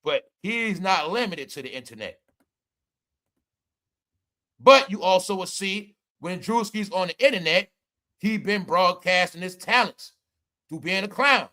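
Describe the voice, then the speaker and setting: Animated high-voiced man ranting commentary. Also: measured pace, long pauses. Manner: animated, ranting, swings from low mutters to shouting. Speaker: commentary channel host. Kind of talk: casual entertainment commentary.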